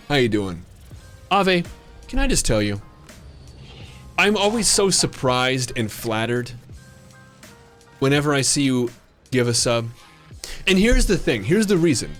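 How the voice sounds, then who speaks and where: A male game streamer talking casually to his viewers. His delivery is playful and rambling, full of teasing banter, and his pitch leaps around expressively. Soft music plays quietly in the background. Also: very animated, measured pace, long pauses. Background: faint background music.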